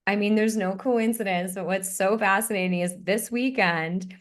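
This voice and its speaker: A woman's voice: mid-range voice, steady tone, normal speed. A woman hosting a podcast, chatty and enthusiastic, speaking directly to her listeners. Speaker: podcast host. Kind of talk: casual interview chat.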